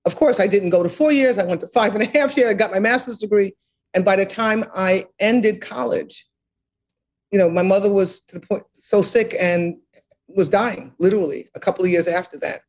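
Older woman guest, husky voice, earnest and emphatic, repeats herself, laughs a bit. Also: mid-range voice, darkish tone. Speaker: interview guest, author. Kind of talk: reflective interview conversation.

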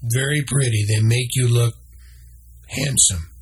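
A man's voice: medium pitch, unhurried, a little hiss or hum, close to an everyday voice. A man voicing a curious young boy who asks eager questions in a storybook.

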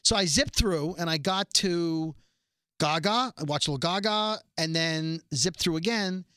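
A man's voice: on the high side, measured pace, pushed and bright, clean tone, no echo, clean studio sound. A man hosting a podcast, chatting casually in a rambling, self-correcting storytelling way. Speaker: podcast host. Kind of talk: casual chat.

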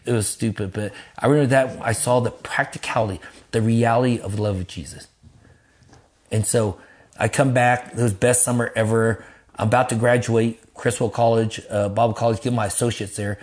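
A middle-aged man, a pastor, telling his life story in an interview in a lively, casual way, acting out quotes in a raised voice and cursing freely. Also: fairly quick. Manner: animated, acts out quotes in a high voice, laughs, swears casually.

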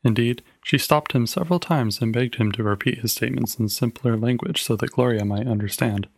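A man narrating a short story in a measured, clear reading. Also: medium pitch.

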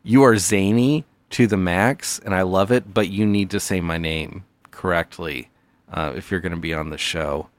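Deep-voiced playful comedy podcast host. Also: male voice, moderate pace, no echo. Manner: mock-earnest, playful, stammering. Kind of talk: comedy podcast with call-ins.

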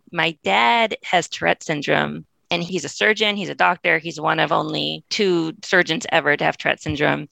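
There's no room sound around this woman's low, gravelly voice as she appears as a guest on a podcast interview. She rattles through a long personal story in a chatty way, laughing a lot and voicing other people's lines with plenty of life.

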